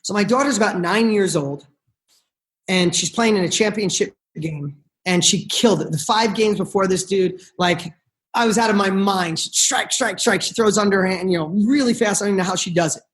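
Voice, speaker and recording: A middle-aged man speaks as a podcast guest, launching into motivational stories with real passion. His delivery is rapid and driven, loose and casual, with the occasional swear word thrown in. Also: high voice, a bit bright.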